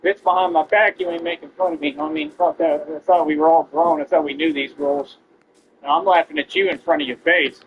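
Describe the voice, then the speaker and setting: A boastful, combative streamer from Texas rants at viewers mid-game, talking fairly quickly in a slightly high voice with fairly even intonation. Background noise is heavy, and the stream audio sounds dull and lo-fi.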